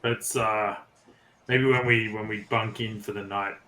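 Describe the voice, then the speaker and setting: Low, bright man speaking in character. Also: fairly even intonation, reverberant, a little hiss or hum. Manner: measured, deliberate, in character. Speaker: player. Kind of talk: in-character tabletop role-play. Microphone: online voice call.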